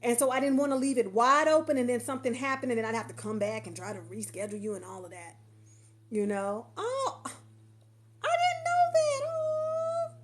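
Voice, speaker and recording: A woman coach talks casually to her livestream viewers from a couch at home, her voice pitched a little high. She rambles warmly, doubles back and repeats herself. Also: slight background noise. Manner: chatty, affectionate, rambling with repeats. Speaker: coach and marketer.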